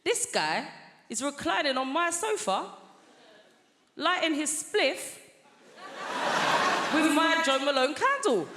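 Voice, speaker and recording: A British man performing a stand-up comedy set, telling an animated story in chatty slang and often jumping into squeaky high voices. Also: slow, long pauses, a little hiss or hum. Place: large theatre stage. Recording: loud crowd laughter, long theatre reverb.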